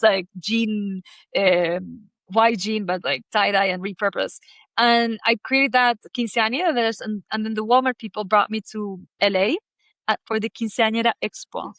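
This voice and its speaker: Casting: Argentine woman in her thirties, Spanish native, slightly high voice, chatty interview guest, dry close sound. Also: fairly bright tone, dry recording. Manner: chatty, lots of "like" and "you know" fillers. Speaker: guest, fashion designer. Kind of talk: conversational podcast storytelling.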